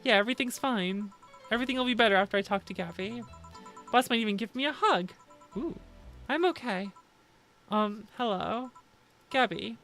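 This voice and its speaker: A woman's voice: a little high, normal speed, long pauses, a bit bright, soft background music. A woman reading a visual novel's dialogue aloud on a stream, doing every part herself in a plain delivery.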